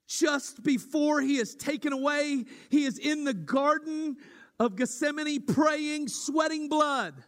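A man preaching a sermon as pastor, swinging from loud dramatic cries to hushed whispers. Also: very high voice, slow, long reverb tail.

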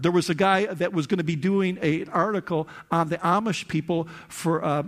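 Man preaching, slow to loud bursts. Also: steady tone. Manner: swings from soft, slow confiding to loud, high outbursts. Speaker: pastor. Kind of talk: sermon. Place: church hall before a congregation.

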